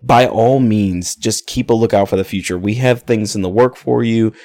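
Low-voiced man thanking podcast listeners. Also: normal speed, a little mellow, no room sound, studio quality. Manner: earnest, thankful. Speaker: podcast co-host. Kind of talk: casual chat.

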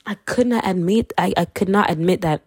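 A young Kenyan woman with a light Kenyan accent hosts a podcast, candidly telling her faith story in a chatty, slangy way and laughing often. Her voice is fairly low, a little fast, darkish with a breathy edge. The sound is dry and clean, studio quality.

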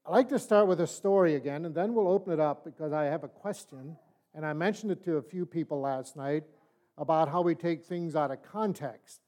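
An older man teaching a Bible study in a relaxed, folksy, conversational way, telling stories. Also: on the high side, brisk. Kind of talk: sermon-style storytelling and teaching.

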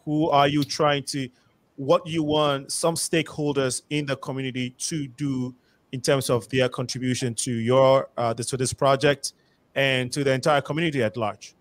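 A man from Ghana hosts a community talk show. He talks in a halting way, restarting phrases and laughing at himself. His voice sits at an ordinary middle pitch. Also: flat delivery, rough recording.

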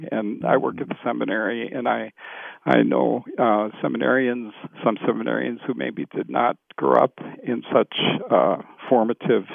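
A man in his sixties, a priest, telling stories in a relaxed way with frequent ums and restarts, as a guest on a radio interview. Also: mid-range voice, creaky, dry recording. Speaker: priest, seminary formation director. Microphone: phone. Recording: tinny phone line.

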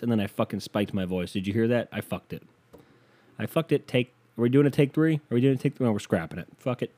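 A man's voice: lowish voice, expressive, brisk, warm tone. A man from the United States doing a solo comedic rant, profane, rambling and self-mocking.

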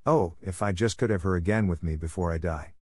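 A man voicing a blind, frail old grandmother, speaking softly and tenderly. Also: deep voice, fairly quick, husky, dry recording, clean studio sound. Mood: tearful.

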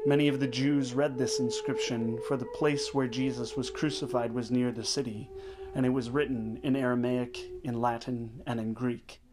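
A man leading the rosary, reading scripture and prayers in a measured, solemn way, phrase by phrase. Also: medium pitch, little pitch movement. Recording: voice over clear background music. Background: sacred choral music.

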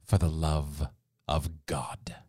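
A man voicing a cold, vengeful nobleman who speaks slowly and evenly, at times nearly hushed, in a dramatic audiobook reading. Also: very deep voice, flat delivery, husky, dry recording, clean studio sound, pitched below the performer's own voice, full character voice. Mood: mocking. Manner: slow, measured, sometimes hushed.

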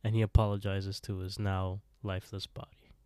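A man's voice: low voice, normal speed, clear, resonant tone, no room sound. A man co-hosting a podcast, casually retelling a horror story and acting out characters' lines. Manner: relaxed storyteller acting out lines, laughs often. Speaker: podcast co-host.

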